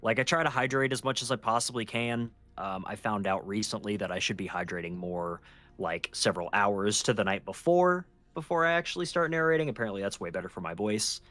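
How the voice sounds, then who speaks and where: Low soft-spoken man, dry sound. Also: dry recording. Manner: measured, explanatory, soft projected delivery. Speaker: guest horror story narrator. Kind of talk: casual podcast chat.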